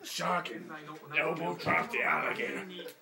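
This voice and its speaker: A young man improvising a loud, profane navy hero who brags through his tall tales and breaks into laughter. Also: on the high side, very animated, normal speed, creaky, a loud crowd. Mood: boastful. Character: brash boastful male navy hero telling tall tales. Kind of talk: improvised comic monologue.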